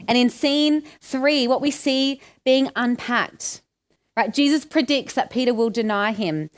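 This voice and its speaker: An Australian woman giving a conversational sermon, asking her listeners questions and acting out the lines she quotes. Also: a little high. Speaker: preacher.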